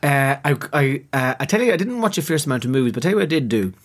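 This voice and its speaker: A man's voice: medium pitch, very animated, racing. An Irish man in casual chat, rambling and swearing as he tells stories.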